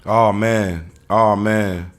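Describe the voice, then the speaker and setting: A man, a stand-up comedian telling a personal story on a podcast in a lively, acted-out way. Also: fairly low pitch, very slow. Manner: animated storyteller acting out dialogue, swears freely.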